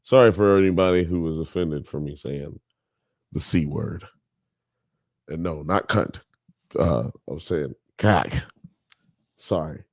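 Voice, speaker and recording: A man's voice: a bass voice, a little slow, pauses often, darkish tone, no room sound, studio quality. A man hosting a podcast live stream, chatting casually in a profane, joking, rambling way. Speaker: podcast host.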